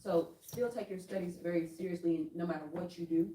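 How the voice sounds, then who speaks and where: A woman's voice: on the low side, a little fast, warm tone. A woman accountant on a workshop panel giving earnest, emphatic advice. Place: workshop room. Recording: roomy hall from far off.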